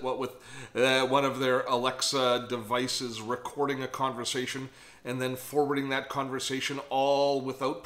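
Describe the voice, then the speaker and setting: A man talking casually to the camera as a tech vlogger, chatty and animated, often thinking aloud with fillers. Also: medium pitch. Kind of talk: casual vlog commentary. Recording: echoey room.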